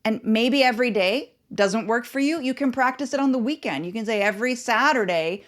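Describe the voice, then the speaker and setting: Woman podcast host with a somewhat high voice, earnest and instructive, delivering parenting advice in punchy, repeated phrases. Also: a little fast. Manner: earnest, instructive, stacks short emphatic phrases.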